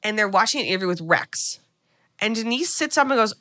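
Podcast co-host, woman, bright tone, lively storytelling, voices the characters. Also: mid-range voice, fairly quick. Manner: animated, acts out characters' lines. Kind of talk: casual movie recap.

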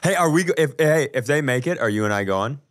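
Animated Southern man clowning on a podcast. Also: mid-range voice, fast. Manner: goofy, playful, mock-dramatic recitation. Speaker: podcast co-host. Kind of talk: casual podcast banter.

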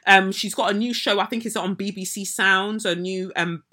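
A woman hosting a podcast, giving opinionated, sarcastic commentary on celebrities in an animated rant. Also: medium pitch, moderate pace. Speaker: podcast host.

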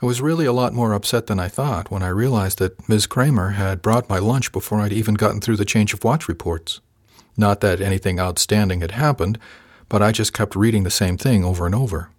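A man narrating a first-person story in a measured, calm manner. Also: on the low side, dry recording. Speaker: audiobook narrator.

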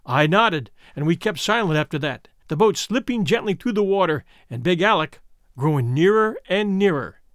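Man, adventure story narrator, high lively voice, dry close mic. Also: moderate pace, no room sound. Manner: expressive, animated storytelling. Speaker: audiobook narrator.

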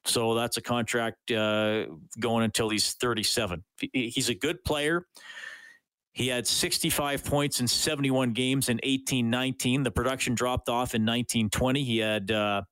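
Chatty sports radio host. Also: male voice, medium pitch, steady tone, moderate pace, a bit bright, clear, resonant tone, no room sound. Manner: chatty, thinks aloud with restarts. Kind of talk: casual radio sports talk. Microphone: studio microphone.

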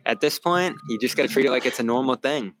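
A man's voice: medium pitch, fast talker, a crowd in the background, rough recording. A man, a sports reporter on a podcast, giving casual game analysis in a rambling way with many fillers and restarts, calling in remotely.

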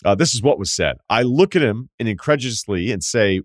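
A man with a fairly low voice hosts a casual podcast advice segment, reading listener letters aloud. He talks in a candid, joking way, drifting into rambling asides. The sound is dry and close, with no room echo. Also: lively intonation, a little fast. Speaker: podcast host.

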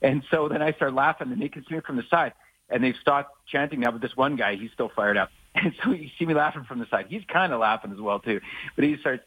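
A man's voice: mid-range voice, fast talker, fairly bright tone, slightly rough, dry recording, rough recording. A man from Saskatchewan co-hosting a sports radio show, telling rambling anecdotes full of fillers and restarts. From Saskatchewan, Canada. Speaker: sportscaster co-host. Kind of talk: casual radio chat, storytelling.

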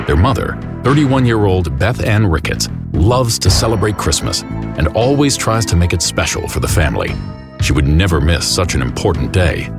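A man narrates a true-crime documentary with grave, measured delivery. His voice sits very low and gravelly, and it rises and falls expressively. Music plays under him throughout. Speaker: host and narrator.

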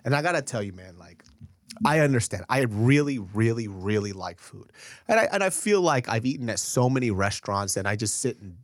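A man's voice: mid-range voice, animated, brisk, no echo, studio quality. A man in his thirties co-hosting a podcast, talking candidly and casually, with easy swearing. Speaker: podcast co-host.

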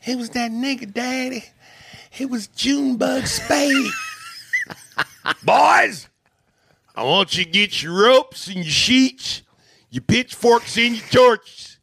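A man voicing a shrill, hollering redneck father who whips up a mob. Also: lively intonation, slow pace, creaky, pauses often, slightly rough, exaggerated voice. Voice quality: high strained shouting.

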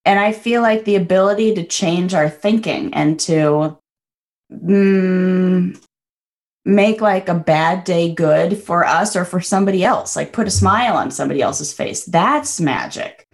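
A woman's voice: fairly low pitch, moderate pace, hardly any pauses. A young adult woman chatting as a guest, bubbly and effusive, with lots of fillers. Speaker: podcast guest. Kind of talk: casual chat.

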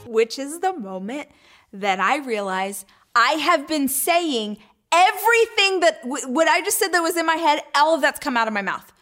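Slightly high-voiced woman, chatty storytelling, says like a lot, whispers and squeals her own thoughts. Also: expressive, moderate pace, fairly bright tone, soft background music. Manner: chatty, lots of "like". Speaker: show host. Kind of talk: casual storytelling chat.

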